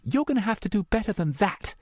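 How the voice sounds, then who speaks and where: A man voicing a scared and angry young woman on the phone, keeping her voice low and barely held back. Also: big pitch swings, extremely slow, dry recording, clean studio sound, exaggerated voice.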